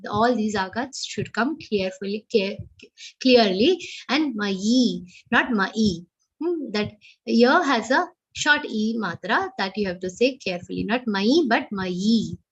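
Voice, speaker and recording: Woman, recitation teacher, slow deliberate delivery, muffled lo-fi online call. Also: fairly high pitch, lively intonation, slightly rough. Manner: slow, careful chanting of verses, then explaining each sound. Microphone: online call microphone.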